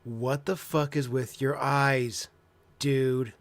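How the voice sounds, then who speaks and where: A man casually reacting to a clip, blunt, profane and halting, sounding uneasy. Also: medium pitch, steady tone, faint music behind. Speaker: host reacting to clips.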